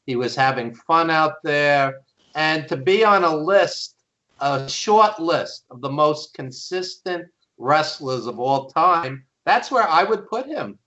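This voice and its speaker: A man's voice: a little high, lively intonation, slow pace, bright, forceful tone, highs cut off. Emphatic fifty-something male co-host. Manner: emphatic, speaks as a fan. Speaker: podcast co-host. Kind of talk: casual podcast chat.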